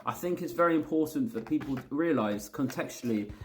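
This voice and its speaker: A man's voice: medium pitch, lively intonation, fairly quick, slight background noise. A man vents in a football match review, heated and blunt, with the odd curse word. He circles back to the same points again and again as he argues his case. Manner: heated, repetitive, blunt with swearing. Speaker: football fan vlogger.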